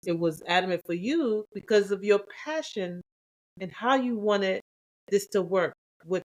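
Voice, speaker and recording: A woman co-hosting a couples podcast, chatting casually and acting out past conversations with lively swings in her voice. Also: unhurried. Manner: animated, acts out quoted dialogue with big pitch jumps. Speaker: podcast co-host.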